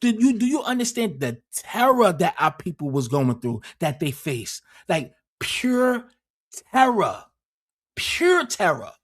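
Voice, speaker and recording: A man's voice: sits high, very animated, slow pace, a bit bright. A man hosting a casual livestream, rambling and swearing heavily, often repeating words as he talks. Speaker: livestream host.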